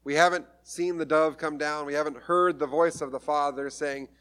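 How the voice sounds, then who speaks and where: A man's voice: a little high, steady tone, normal speed, a bit bright, smooth. A man preaching a sermon, retelling a story in a conversational way with light humor. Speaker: pastor.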